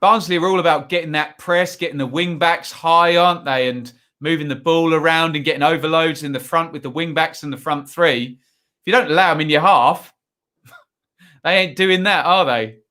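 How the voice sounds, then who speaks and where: A man's voice: on the high side, normal speed, sharp tone. A man hosting a live football watchalong, giving chatty, rambling commentary full of asides and tag questions. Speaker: watchalong host.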